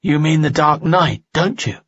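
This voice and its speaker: A man's voice: a little high, measured pace, fairly bright tone, husky, no room sound, pitched above the performer's own voice. A man voicing a young male warrior hero in an audiobook, urgent and commanding. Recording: dull lo-fi audio.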